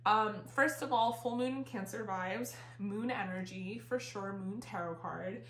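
A woman's voice: mid-range voice, measured pace, a bit bright. A woman giving a casual, rambling tarot reading, a little out of breath, with lots of fillers and the odd swear word. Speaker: tarot reader. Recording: roomy echo.

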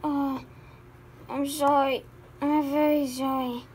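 Woman, high voice, slow, amateur improvised voicing, stammers and sighs a lot. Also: flat delivery, a little mellow, a little hiss or hum. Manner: halting, stammering, with many fillers and sighs. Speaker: voice actor for a homemade life-sim movie.

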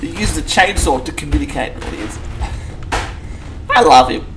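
Give me a loud, excitable man narrating gameplay. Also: fairly high pitch, moderate pace, background noise. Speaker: host. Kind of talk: gameplay commentary.

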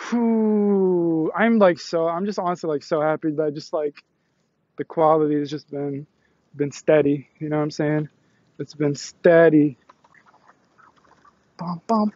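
A man's voice: a little high, fairly even intonation, measured pace, pauses often, a little mellow, no echo, dull audio. A young man livestreaming outdoors on a selfie stick, hyped and laughing, sweaty and out of breath as he walks. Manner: hyped, laughing, talks to passersby. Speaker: streamer. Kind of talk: walking livestream chat. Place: outdoors, on a campus. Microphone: phone on a selfie stick.

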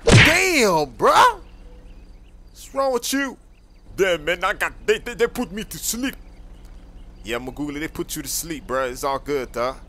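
Young man, slang-heavy gameplay role-play, a bit high voice, game noise behind. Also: moderate pace. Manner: loud excitable slang-heavy street talk. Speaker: gaming YouTuber playing a character.

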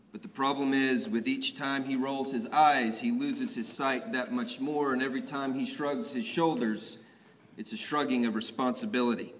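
A young adult man preaches at an ordination in a church sanctuary, telling the story in a vivid, conversational way. His voice sits at medium pitch with a fairly bright tone. The recording has a long church reverb and a slight hiss or hum.

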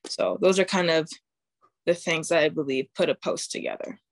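In a casual interview, a teen high school basketball player gives candid answers at a moderate pace, laughing while acting out what goes through her head on the court. There is no room sound.

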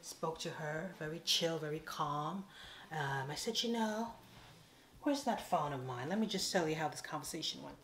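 Island lady with a lilt, kinda low voice, chatting away in a roomy echoey space. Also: moderate pace. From Caribbean island. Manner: chatty, animated, playful asides. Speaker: vlogger. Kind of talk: casual storytime. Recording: echoey room.

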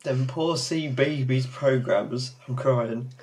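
A woman's voice: extremely low pitch, slow, darkish tone. A young woman hosting a reaction video, chatting casually, giggly and swearing, breaking into shrieking laughs.

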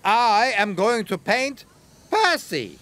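A man's voice: sits high, very animated, slow pace, sharp tone, pitched above the performer's own voice, full character voice. A man voicing a haughty, fussy male artist who sighs and dismisses things, in a storybook cartoon. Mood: excited. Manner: sighing, dismissive.

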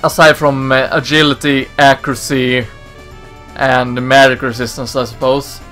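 A man hosting a let's play, giving relaxed, casual commentary with mumbled asides. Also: medium pitch, normal speed, soft background music.

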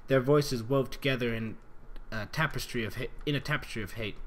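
A man's voice: mid-range voice, a little fast, fairly bright tone. A man reading fan fiction aloud in an earnest, dramatic way, stumbling over words and rereading lines. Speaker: reader.

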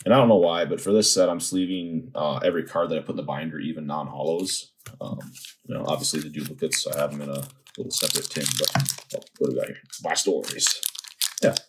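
A man casually telling a long story and then opening trading card packs, rambling and animated, with excited outbursts. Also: rumbling low, quick pace, heavy background noise.

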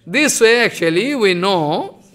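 A preacher tells a devotional story in short, broken phrases. His voice is high and bright, with smooth clarity. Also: a little slow. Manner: animated, broken phrasing with frequent restarts. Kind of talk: sermon storytelling.

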